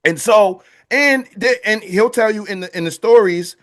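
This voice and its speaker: A man in a casual podcast conversation, telling a folktale in animated, slangy speech and laughing as he goes. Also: high voice, normal speed. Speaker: guest storyteller on a history podcast. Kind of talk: casual storytelling.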